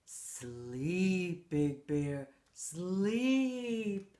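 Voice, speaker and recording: A woman reading aloud doing a stern, gravel-low old winter spirit of a man from a picture book, speaking in a deep, unhurried hush that can swell into a bellow. The old man's voice rings in a roomy, echoing space. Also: sing-song, exaggerated voice. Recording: roomy echo.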